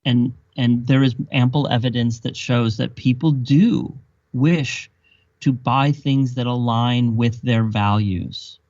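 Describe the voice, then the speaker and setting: A male podcast guest at a middling pitch who argues by stacking up rhetorical questions, emphatic and explanatory. The recording is dry and close, with a dull, lo-fi tone. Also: steady tone, slow, a little mellow, dry recording. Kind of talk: explanatory conversation.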